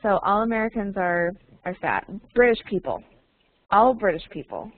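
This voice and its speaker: A woman's voice: mid-range voice, big pitch swings, moderate pace, dry recording. A woman teaching an online English lesson to a small group, patiently repeating and modeling phrases and laughing often. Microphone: computer mic on a video call. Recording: tinny online call line.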